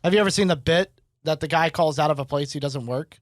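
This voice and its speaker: A man in his twenties co-hosting a podcast, chatting casually and telling animated, profane stories. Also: a little high, fast, no echo, clean studio sound. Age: 20s. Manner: animated storyteller, swears freely. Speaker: podcast co-host. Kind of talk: casual chat.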